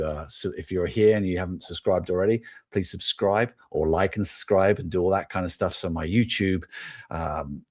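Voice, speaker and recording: Deep-voiced Englishman chatting live. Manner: rambling, self-amused, thinking aloud. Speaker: toy podcast host. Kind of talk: casual live-stream chat.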